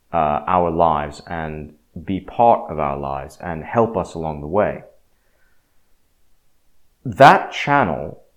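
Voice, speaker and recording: A man talking casually and frankly about faith and death, rambling with frequent restarts. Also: low voice. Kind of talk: casual religious reflection.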